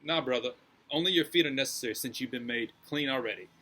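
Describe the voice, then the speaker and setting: A man playing a calm teacher who gently corrects a student in casual, laid-back words. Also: mid-range voice, fast talker. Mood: relaxed.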